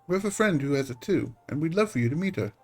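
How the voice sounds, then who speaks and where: A man's voice: on the high side, animated, quick pace, pitched above the performer's own voice. Guy doing a formal game envoy, stately and polite, faint music behind. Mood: earnest, formal. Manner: stately, courteous storybook delivery. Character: formal, earnest envoy of a secret order.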